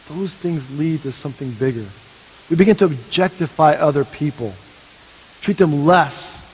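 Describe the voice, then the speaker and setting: Pastor, male, husky tenor-ish voice; dramatic sermon storytelling with hushed emphasis; long hall reverb. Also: mid-range voice.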